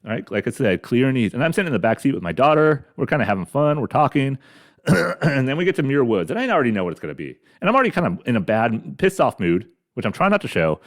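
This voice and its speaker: A middle-aged man grumbling through a profane, rambling comedic rant as a podcast host, talking carefully after mouth surgery. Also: medium pitch. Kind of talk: ranting comedic monologue.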